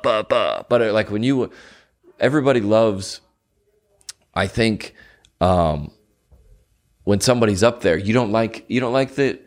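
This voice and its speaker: A young man hosting a podcast, telling rambling stories in casual chat with lots of fillers and mock voices. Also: mid-range voice. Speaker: podcast host.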